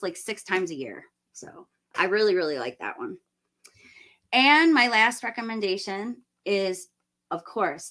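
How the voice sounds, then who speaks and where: A middle-aged woman hosting a live stream, chatting enthusiastically and rambling with fillers, her voice slightly hoarse as she loses it. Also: fairly low pitch, a bit bright. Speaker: livestream host. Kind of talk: casual live-stream chat.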